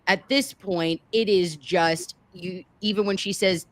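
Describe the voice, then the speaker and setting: Woman host, casual commentary; exasperated, slangy, animated; dry close mic. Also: on the low side, a little slow, no echo.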